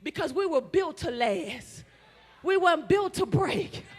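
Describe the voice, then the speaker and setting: A woman minister preaching a sermon in a church, swinging from hushed pleading to impassioned shouting with call-and-response. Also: very high voice, animated, measured pace. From United States. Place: church sanctuary.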